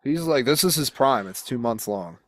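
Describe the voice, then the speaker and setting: A man's voice: medium pitch, animated, moderate pace. A man co-hosting a sports talk show, crude and joking, swearing freely in casual banter.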